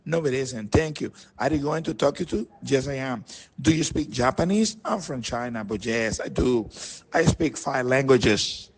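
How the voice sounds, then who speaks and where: Man, English teacher, husky voice, creaky, reading word drills deliberately. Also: mid-range voice, lively intonation. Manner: slow, deliberate, repeats words for practice.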